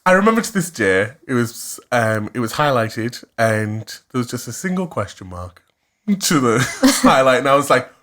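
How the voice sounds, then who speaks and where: Flamboyant young Cumbrian man telling a story. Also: moderate pace. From West Cumbria, England. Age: 20s. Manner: animated, flamboyant, jumps into high-pitched quoted voices; laughs often. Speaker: podcast co-host. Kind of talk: casual chat, storytelling.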